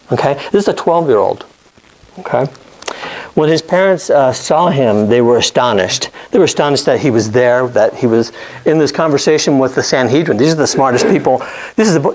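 A man's voice: mid-range voice, darkish tone, rough recording. A man teaching an informal Bible lesson. He talks conversationally, often checks in with "okay?" and restarts or corrects himself mid-sentence.

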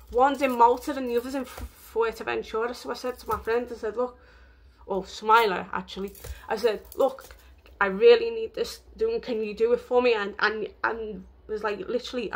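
A woman vlogging in a rambling, emotional way, with lots of fillers. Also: a little high. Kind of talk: casual vlog talk.

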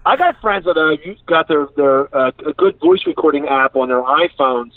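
A man's voice: on the high side, moderate pace, no echo. Philly-accented man on a tinny phone line. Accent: Philadelphia. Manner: rambling, laughs through his stories. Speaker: comedian guest. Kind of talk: casual chat. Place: inside his parked truck. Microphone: phone call.

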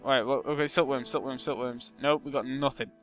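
A young man talking through a game he is playing, chatty and self-mocking, humming and muttering to himself as he goes. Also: mid-range voice. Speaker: gaming YouTuber. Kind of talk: casual gameplay commentary. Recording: music playing behind.

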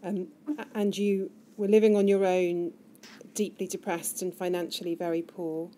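A woman questioning a witness at a formal hearing, in a measured, gentle way. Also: lowish voice, flat delivery, a little hiss or hum. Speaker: inquiry counsel questioning a witness. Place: hearing room.

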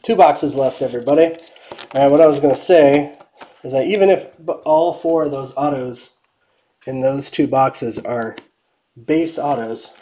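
Low-voiced woman hosting a card break. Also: measured pace. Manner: chatty, drops to quiet mutters while checking cards. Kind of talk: casual live card-break commentary.

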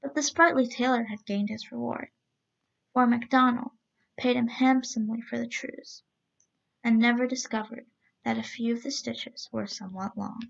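A woman reading a storybook aloud as a storyteller, in a steady, even-paced read-aloud manner, on a dull lo-fi recording. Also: fairly high pitch, moderate pace, creaky.

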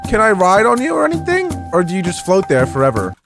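A young man narrates his game run in a high, bright voice that swings widely in pitch. He yelps and shouts whenever something startles him and tosses quick asides to his viewers. Faint music plays underneath. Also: wildly swooping pitch. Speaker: gaming YouTuber. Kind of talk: excitable let's-play commentary.

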